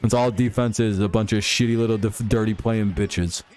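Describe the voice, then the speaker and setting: A man's voice: on the low side, fairly even intonation, normal speed, a little mellow. Young man, streamer, profane, ranting, mocking, casual chat. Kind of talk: live game watch-along chat.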